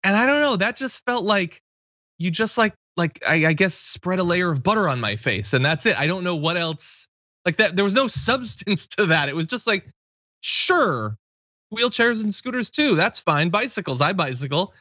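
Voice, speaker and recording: A man in his thirties talks through political news as a host, wry and mocking, with a bright, bouncing voice that runs a little high. The sound is dry and slightly dull. His delivery is casual commentary. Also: moderate pace, no echo. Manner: wry, animated, mocking impressions.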